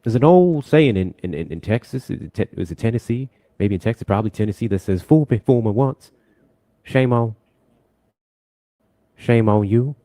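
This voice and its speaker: A man performs a folksy older politician with a slow, drawling delivery. He stammers and restarts through a homespun saying. The sound is close and dry. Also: fairly low pitch, animated, dark tone, dry recording, pitched above the performer's own voice, close to an everyday voice.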